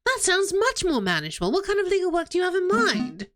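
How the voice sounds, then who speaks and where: A woman doing a squeaky eager sparrow boy. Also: huge pitch swings, fast, a bit bright, heavily acted. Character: excitable young male sparrow assistant.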